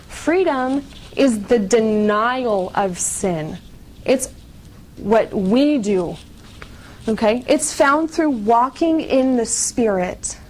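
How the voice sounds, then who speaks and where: A young woman speaking at a conference, telling her personal testimony in an earnest, confessional way, with fast bursts and frequent "like". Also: on the high side, a little mellow, low-quality recording. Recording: faint background noise, live event.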